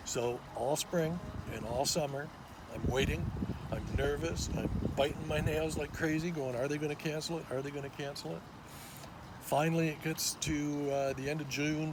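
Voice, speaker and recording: A man of fifty telling a personal story to camera in an animated, excitable way, filmed on a phone. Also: medium pitch. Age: 50s. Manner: excitable, animated, with small restarts and laughs. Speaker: vlogger. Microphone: phone on a selfie stick. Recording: loud outdoor background noise.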